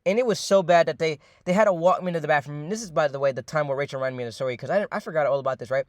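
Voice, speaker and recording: A young man rattles off a rambling storytime monologue at a quick clip, his voice sitting a little high for a man. He swears freely, repeats himself and leans on fillers, calling out to his listeners as ladies and gentlemen. The sound is dry and close, with no room around it. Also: no echo. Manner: addresses viewers as ladies and gentlemen.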